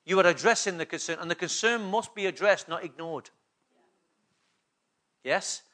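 Speaking at normal speed, this high, bright-voiced man preaches emphatically to the congregation he pastors. Repetition drives his points, and he keeps turning to the room with call-and-response questions seeking agreement.

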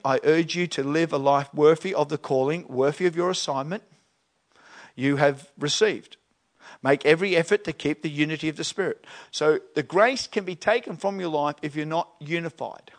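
A man, a pastor preaching a conversational sermon and acting out questions and voices with animation. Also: on the high side.

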